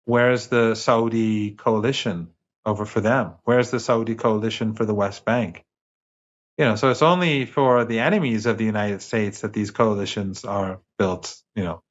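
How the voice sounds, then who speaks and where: Male professor guest, deeper voice, emphatic and repetitive, heard over muffled lo-fi call audio. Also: fairly even intonation, moderate pace. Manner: emphatic, repeats phrases while building a point. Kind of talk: remote interview commentary.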